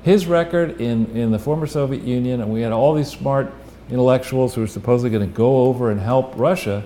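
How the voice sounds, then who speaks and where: Blunt rambling man, dark voice. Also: medium pitch, a little fast, slight background noise. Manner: blunt, rambling, with profanity and restarts. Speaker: guest analyst. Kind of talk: casual political talk.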